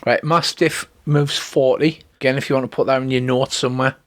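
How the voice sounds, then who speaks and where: A man narrating a tabletop game as its master, making quick, chatty rulings and laughing along. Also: medium pitch, little pitch movement, a bit bright. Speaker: dungeon master.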